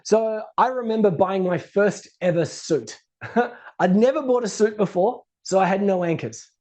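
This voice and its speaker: A man teaching business pricing to camera in a casual, animated way, acting out the people in his stories. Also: sits high, measured pace. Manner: animated storytelling, acts out quoted people. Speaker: business educator.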